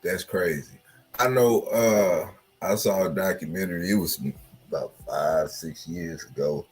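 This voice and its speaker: A man's voice: low-pitched, unhurried, a little mellow, slight background noise. A man in a casual podcast chat, speaking hesitantly with many fillers.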